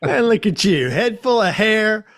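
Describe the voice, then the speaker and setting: A man's voice: sits high, lively intonation, measured pace, a bit bright. A man hosting a podcast interview over a video call, talking in an effusive, enthusiastic way and laughing easily. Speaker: podcast host. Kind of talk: casual interview chat.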